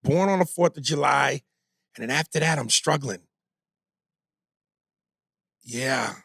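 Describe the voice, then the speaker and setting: Gravelly, animated male podcast co-host. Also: mid-range voice, slow pace, no room sound, clean studio sound. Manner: animated, profane, emphatic. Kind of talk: casual chat.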